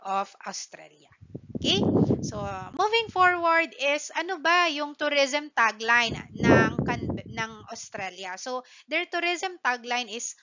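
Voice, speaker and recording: A woman's voice: high-pitched, lively intonation, unhurried, muffled recording, noisy background. A woman teacher with a Filipino accent gives an online class lecture, mixing Tagalog and English and checking in with "okay?" often.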